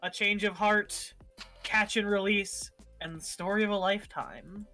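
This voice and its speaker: A man's voice: high-pitched, fairly even intonation, unhurried, pushed and bright, soft background music. A man, the game master, chatting casually with his players before a session. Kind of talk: casual stream chat.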